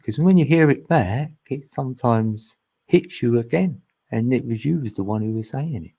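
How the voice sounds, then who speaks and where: A man's voice: mid-range voice, expressive, normal speed, mellow, husky. A man talking casually and ramblingly as a channel host, often laughing. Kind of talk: casual spiritual chat. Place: long live stream.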